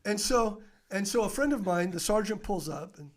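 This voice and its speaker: A man with a notably high speaking voice spins a rambling, animated story as a podcast guest. He acts out everyone's lines himself, drops in fillers and the occasional swear word, and keeps it conversational. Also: normal speed. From United States. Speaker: podcast guest, business owner.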